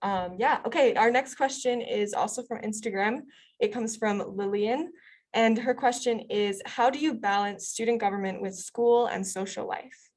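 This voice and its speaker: A woman's voice: on the high side, normal speed, a little mellow. Upbeat woman hosting a town hall. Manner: upbeat, many ums. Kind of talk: casual announcements.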